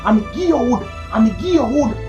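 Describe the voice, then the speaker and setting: A man's voice: very high-pitched, expressive, brisk, muffled recording, over music. A man voicing a boastful, crude Jamaican character who rants at a woman in patois. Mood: ranting. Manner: ranting, crude patois monologue.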